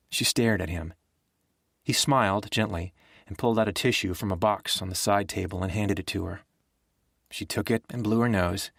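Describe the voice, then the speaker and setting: A man narrating a thriller audiobook in a steady, measured way. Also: fairly low pitch, vocal fry, dry recording, studio quality. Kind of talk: scripted narration.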